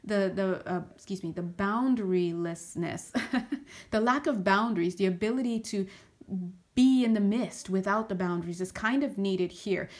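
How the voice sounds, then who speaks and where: An astrology and tarot reader does a casual spiritual reading to camera in a medium-pitched, slightly mellow voice at a moderate pace. She's out of breath and chatty, searching for words with frequent restarts.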